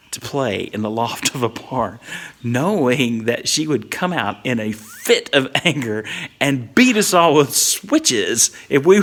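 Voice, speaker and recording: A man's voice: medium pitch, fairly bright tone. A middle-aged man, telling a funny story from his youth in a casual, chatty way and chuckling often as he goes. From Whitley County, Kentucky.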